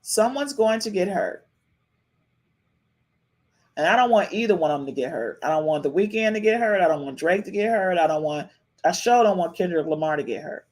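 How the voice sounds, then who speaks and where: A woman hosting a live-stream podcast in casual chat, animated and sassy, repeating herself often. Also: fairly low pitch, moderate pace. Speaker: podcast host.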